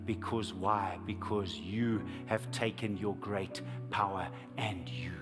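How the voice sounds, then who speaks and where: A man preaching a sermon as pastor, swinging from hushed whispers to loud, impassioned appeals and repeating phrases for emphasis. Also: fairly low pitch, steady tone, slow pace. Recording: long hall reverb, faint music behind.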